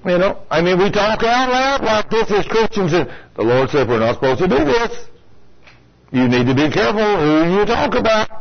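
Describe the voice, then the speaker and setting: A gravelly, high-voiced man preaches with great animation at a normal speed. His sermon, carried on a lo-fi radio broadcast, is folksy and direct, addressed to the congregation, and he acts out complainers.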